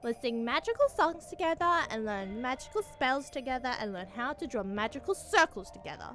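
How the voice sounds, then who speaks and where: A woman voicing an excitable little girl who dreams of becoming a witch, reading from a visual novel. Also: sits high, brisk, soft background music. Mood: dreamy.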